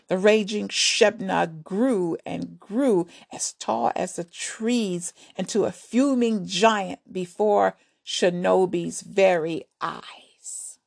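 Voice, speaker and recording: A woman narrating a folk tale in a soft, deliberate storytelling manner. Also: mid-range voice, creaky.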